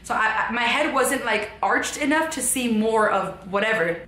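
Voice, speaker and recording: Bright-voiced young woman telling a story. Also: a little high, moderate pace, reverberant. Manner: rambling, filler-heavy, shifts from hushed to animated. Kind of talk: casual storytelling to camera. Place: her apartment.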